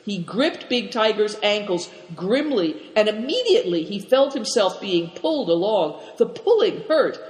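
A narrator reading a children's adventure story aloud at a steady, measured pace. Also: mid-range voice. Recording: roomy hall reverb.

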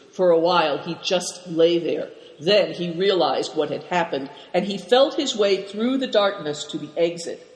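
Measured storybook narrator; mid pitch, long hall reverb. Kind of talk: storybook reading.

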